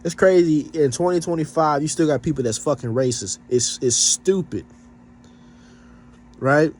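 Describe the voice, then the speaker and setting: A man's voice: fairly high pitch, moderate pace, darkish tone, slight background noise. Blunt, profane man ranting casually. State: slightly stuffed up. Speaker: vlogger. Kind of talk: casual rant to camera.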